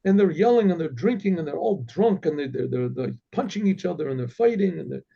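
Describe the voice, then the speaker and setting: Gravelly-voiced man telling a story. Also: on the high side, expressive, a little fast, warm tone. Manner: conversational, repeats words as he goes. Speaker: rabbi. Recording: dull lo-fi recording.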